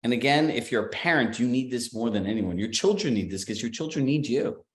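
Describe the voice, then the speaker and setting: A man's voice: medium pitch, lively intonation, a little fast, reverberant. A man giving a coaching seminar talk to real estate agents in an emphatic, conversational way. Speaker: business coach.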